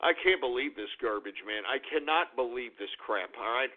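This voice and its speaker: Gravelly ranting talk radio host, man. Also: medium pitch, big pitch swings, moderate pace, few pauses. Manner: exasperated, profane, repeats himself, swings from muttering to shouting. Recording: phone-like lo-fi radio recording.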